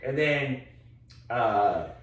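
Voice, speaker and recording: Texan man, casual profane podcast co-host, lively rants, set back from the mic in a roomy space. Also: mid-range voice, drawn-out words. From Texas. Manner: profane, animated storytelling, loud when quoting himself. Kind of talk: casual chat. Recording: roomy echo, distant mic.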